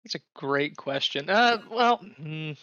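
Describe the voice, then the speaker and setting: Man, tabletop player, stammering starts, tense bright voice, dull lo-fi mic. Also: fairly high pitch, expressive, slow, no echo. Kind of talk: casual tabletop play.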